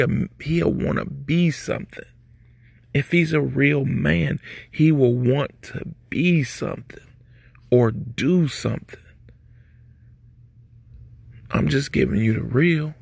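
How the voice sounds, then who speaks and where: Male podcast host, gravelly and husky, easygoing preachy delivery. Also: medium pitch, slow, no room sound. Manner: laid-back, preachy, street slang. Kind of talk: casual advice monologue.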